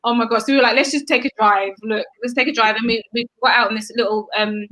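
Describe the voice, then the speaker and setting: A woman's voice: a little high, fairly even intonation, quick pace, fairly bright tone, rough recording. A woman co-hosting a podcast, telling family stories in a casual chat and laughing often. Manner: chatty storyteller, laughs often, acts out her child's voice. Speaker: podcast co-host, mother. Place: home in England.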